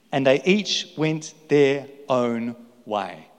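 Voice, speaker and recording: A man's voice: mid-range voice, animated, a little slow. A male pastor preaching an emphatic sermon full of rhetorical questions in a large church hall. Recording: long hall reverb.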